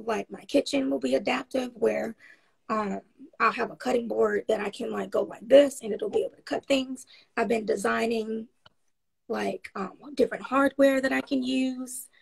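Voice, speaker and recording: A woman guest telling her story in a casual interview, frank and upbeat, rambling with many pauses and ums. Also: a little high, steady tone, vocal fry, slightly rough, rough recording.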